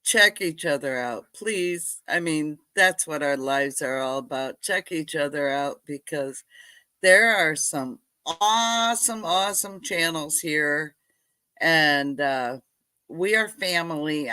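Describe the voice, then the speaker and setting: A woman's voice: low-pitched, bright, forceful tone, dry recording. A woman hosting a casual livestream chat, chatty and effusive, greeting viewers one by one. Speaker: livestream host. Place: home.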